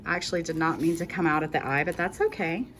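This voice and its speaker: A woman's voice: sits low, quick pace, fairly bright tone. A woman hosting a casual crochet tutorial, walking through each step in a chatty, reassuring way and correcting herself as she goes.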